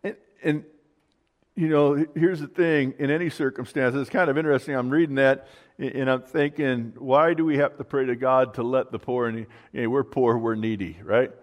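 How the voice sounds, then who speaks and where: A male pastor preaching in a loose, conversational way. He often stops to restart a phrase and fills gaps with "you know". His voice sits at an ordinary middle pitch. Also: steady tone, moderate pace. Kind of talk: sermon.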